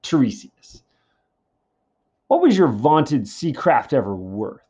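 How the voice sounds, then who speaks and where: A man's voice: mid-range voice, big pitch swings, takes it slowly, warm tone, breathy edge, heavily acted. A man reading aloud as a proud, angry king who accuses a seer, in a dull lo-fi recording. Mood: indignant. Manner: reads the translated verse aloud, heated.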